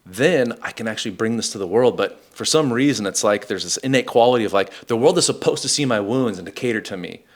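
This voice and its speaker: A man's voice: mid-range voice, lively intonation, fast, few pauses. A middle-aged man hosting a podcast, speaking reflectively in casual conversation and telling personal stories. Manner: reflective storyteller, acts out quoted voices. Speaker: podcast host.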